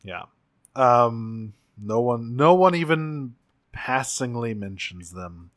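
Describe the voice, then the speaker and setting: A man co-hosting a casual discussion about a video game's story, talking in a relaxed way with swearing and frequent ums. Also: mid-range voice, slow. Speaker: podcast co-host.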